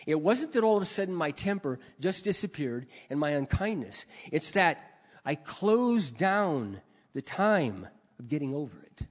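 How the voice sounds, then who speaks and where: A man preaching a sermon, telling stories with big swings between quiet and shouted passages. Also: a little high, very animated, unhurried. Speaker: pastor. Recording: dull sound with long hall reverb.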